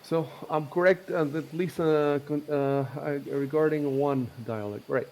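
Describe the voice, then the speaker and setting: Male game master, halting delivery, slightly raised pitch, faint noise. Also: fairly even intonation, a little mellow, poor audio. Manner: hesitant, many fillers and restarts. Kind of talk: tabletop game rules talk.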